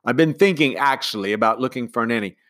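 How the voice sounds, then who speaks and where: A man voicing a polite, mournful, well-to-do widower in a storybook read-aloud, with formal, gentle speech. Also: mid-range voice, fast, voice pushed up, natural voice.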